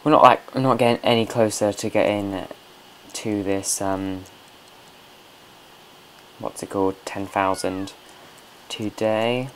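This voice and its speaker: A man's voice: on the low side, fairly even intonation, takes it slowly, long pauses, fairly bright tone, slight background noise. A man hosting a casual gameplay commentary from home, chatty, coaxing and scolding his game characters. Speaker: let's play host.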